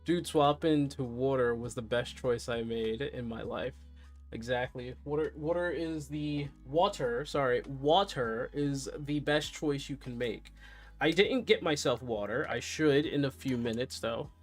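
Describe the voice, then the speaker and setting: A man's voice: medium pitch, a little slow, faint music behind. Subdued man chatting on a live stream. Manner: candid, subdued, reacting to news and chat. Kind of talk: casual live-stream chat.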